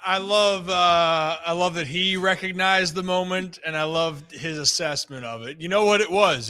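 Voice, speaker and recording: Bright-voiced man hosting a sports show. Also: high-pitched, clean tone, no echo. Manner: opinionated, emphatic, drawn-out stresses. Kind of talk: casual sports talk.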